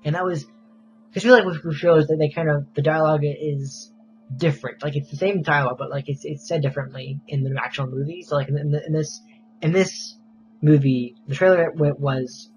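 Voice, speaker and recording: Male vlogger, slightly high voice, casual rambling review, muffled lo-fi audio. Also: steady tone, a little fast. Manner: rambling, enthusiastic, stop-start phrasing. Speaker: movie reviewer.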